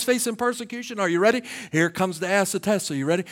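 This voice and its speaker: Often repeating words as he starts a phrase, a male pastor preaches in church with a high-pitched voice. His delivery shifts between loud, emphatic passages and quiet, slow questions.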